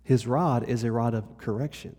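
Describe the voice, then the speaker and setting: A male pastor giving a conversational sermon. He moves between lively and hushed delivery and speaks straight to the congregation. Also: medium pitch, moderate pace, breathy edge. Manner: conversational preaching, shifts between animated and hushed. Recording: long hall reverb.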